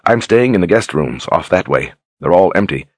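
A deep-voiced man playing a courteous young lord. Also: lively intonation, moderate pace, dry recording. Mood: earnest. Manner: plain, courteous and direct. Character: young lord and war wizard, earnest, polite. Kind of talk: audiobook character reading.

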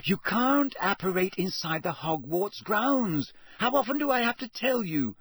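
A man's voice: on the high side, huge pitch swings, unhurried, breathy edge, no room sound, studio quality, voice pushed up, exaggerated voice. A man voicing an impatient teenage schoolgirl who keeps correcting her friend.

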